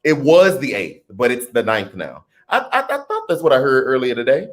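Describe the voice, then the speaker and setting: A man hosting a casual livestream, reading viewer comments and joking with loud laughter. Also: mid-range voice, big pitch swings, normal speed. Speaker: host of a political livestream.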